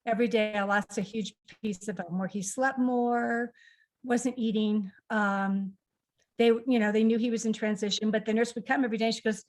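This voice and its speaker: A middle-aged woman, an author guest, recounts a personal family story in conversation, emotionally acting out the quoted lines of the people in it. Her voice is a little high with a darkish tone, fairly even intonation, and a moderate pace.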